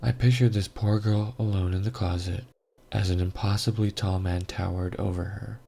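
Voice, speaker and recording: A man reading a scripted horror story aloud in a measured, grave first-person telling. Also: lowish voice, fairly even intonation, creaky, dark tone. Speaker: story narrator.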